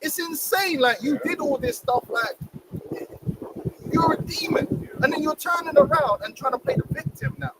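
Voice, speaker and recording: A man's voice: extremely high pitch, big pitch swings, moderate pace. A man hosting a livestream discussion, emphatic and preachy, using street slang. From England. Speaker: livestream host. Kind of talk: heated casual discussion. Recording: distant mic, noisy room.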